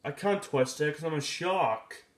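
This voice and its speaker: Kid doing sharky the plush shark, grumbly, sighs a lot, talks slow. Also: mid-range voice, close to an everyday voice. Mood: grumpy. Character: grumpy fed-up plush shark. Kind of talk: plush toy puppet video.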